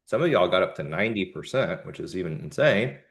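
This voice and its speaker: A deep-voiced, brisk man runs a live trading show, giving offhand market commentary. He sounds animated and jumpy, firing off sudden emphatic bursts and slangy side remarks.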